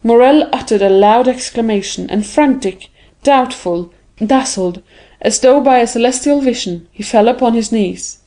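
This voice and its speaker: A woman narrating a classic novel as an audiobook in an even, measured reading voice. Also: fairly high pitch. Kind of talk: scripted narration.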